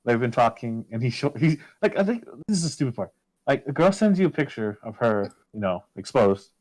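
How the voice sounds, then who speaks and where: Young male podcast co-host, profane and rambling, very animated delivery, mid pitch. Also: fairly quick. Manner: swears a lot, storytelling with lots of fillers. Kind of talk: casual chat.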